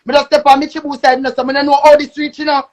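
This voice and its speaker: A young Jamaican woman with a high voice. She rants on a live stream, cursing and repeating herself, and often breaks into shouting. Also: little pitch movement, rapid-fire. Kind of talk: angry live-stream rant.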